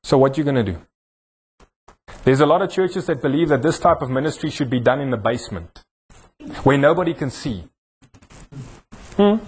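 A man's voice: medium pitch, lively intonation, normal speed, long pauses, breathy edge. A man pastor with a South African accent, preaching a sermon in a church and joking with a volunteer. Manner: jokey, teasing with a volunteer, preaching with rising emphasis. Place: church hall.

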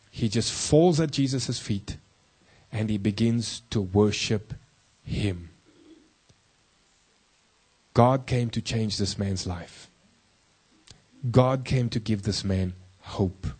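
Husky man preaching emphatically. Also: a little mellow. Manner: emphatic, rhetorical questions to the congregation, slows and drops low for key points. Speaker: pastor. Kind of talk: sermon.

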